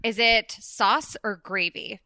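Bright bubbly woman podcast host. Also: medium pitch, steady tone, slow, no room sound. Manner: bubbly, laughs often, filler-heavy. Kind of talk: casual podcast chat.

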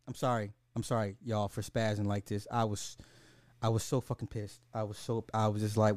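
A man's voice: on the low side, level tone, fairly quick, a little mellow, no echo, clean studio sound. A man hosting a podcast, ranting in casual talk, swearing freely and repeating himself when worked up. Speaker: podcast host.

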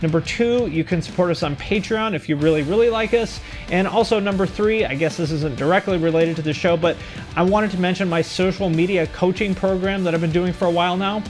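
A man hosting a podcast, talking in a casual, energetic way as he introduces the episode and its sponsors. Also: sits high, brisk, faint music behind. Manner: energetic, conversational, promotional read. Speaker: podcast host.

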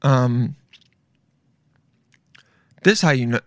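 A man's voice: mid-range voice, very slow, no room sound, studio quality. A young man in a casual, joking reaction commentary, swearing freely and calling everyone dude. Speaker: commentary host.

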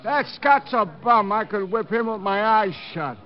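An actor playing a dim-witted, boastful boxer who talks in tough-guy slang and is slow on the uptake, in 1950s radio drama style. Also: sits high, lively intonation, slight background noise. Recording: dull lo-fi old radio recording.

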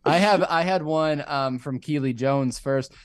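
A man's voice: fairly high pitch, measured pace, no room sound. A man co-hosting a podcast in casual chat, hesitating with fillers as he retells quotes. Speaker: podcast co-host.

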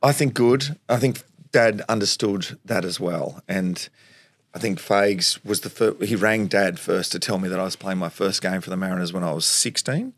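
An Australian man in his forties from Tasmania, a former footballer telling animated stories in an interview, laughing often and acting out what people said. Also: low voice, normal speed, no echo, clean studio sound. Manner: animated storyteller, acts out quotes, laughs often. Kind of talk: storytelling interview.

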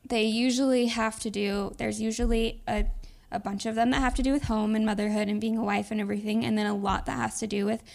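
A woman's voice: fairly high pitch, steady tone, fast, creaky, few pauses, a little mellow. A woman co-hosting a podcast, talking in an earnest, reflective, heartfelt way. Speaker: podcast co-host. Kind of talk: casual heartfelt chat.

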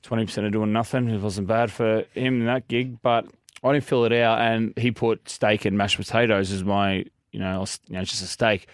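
A young man with an Australian accent, chatting loosely and joking, with plenty of fillers. His voice is lowish and smooth. The sound is close and dry. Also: fairly even intonation, normal speed, no room sound. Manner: rambling, joking, lots of fillers. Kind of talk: casual chat.

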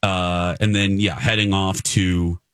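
A male radio host talking into a studio mic with a lowish voice. His talk is relaxed and chatty, and he often breaks into a laugh. The sound is dry and close. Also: takes it slowly, clean tone, no room sound. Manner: chatty, laughs easily, tells stories. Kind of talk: casual on-air chat. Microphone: studio microphone.

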